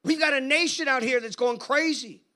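A man preaching a sermon in an animated, conversational storytelling manner. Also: very high voice, normal speed. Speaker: guest preacher.

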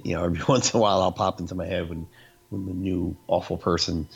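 His voice is deep, fast, husky and fried as this man chats casually, animatedly telling stories and performing what others said. The recording is dull and lo-fi.

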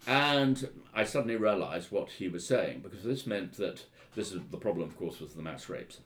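A man's voice: low voice, lively intonation, normal speed, fairly bright tone. A man, a historian and author, telling anecdotes in an interview, hesitant with many fillers and restarts, and wryly amused. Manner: hesitant, full of ums and restarts, wry.

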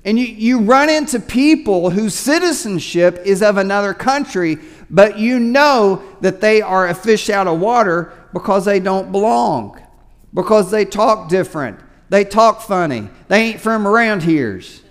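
A man's voice: high voice, animated, unhurried, in a large hall. A man preaching a sermon as pastor, talking conversationally and often repeating his words mid-sentence. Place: church sanctuary.

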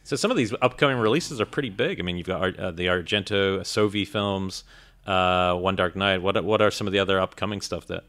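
Podcast host, man with a low, bright, forceful voice, curious interviewer. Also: a little fast. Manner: curious, asks follow-up questions. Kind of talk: casual interview chat.

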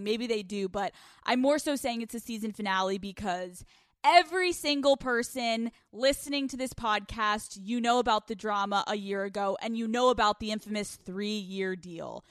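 A young woman hosting a podcast from a couch at home, telling stories in casual, animated chat full of swearing. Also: on the high side, moderate pace, no room sound, clean studio sound. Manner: animated, profane, storytelling. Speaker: podcast host.

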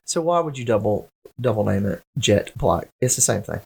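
Very low-voiced woman reading aloud. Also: very animated, normal speed, vocal fry, a little mellow, slightly rough. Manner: stumbles over words while reading, questioning. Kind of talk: casual chat reading aloud.

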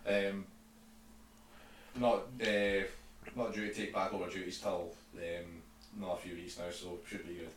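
A man's voice: low voice, flat delivery, normal speed, long pauses, slight background noise, low-quality recording. A young man in his twenties, a sailor on leave, guesting on a friend's podcast, talking in a laid-back, hesitant way with lots of fillers. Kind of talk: casual chat between friends.

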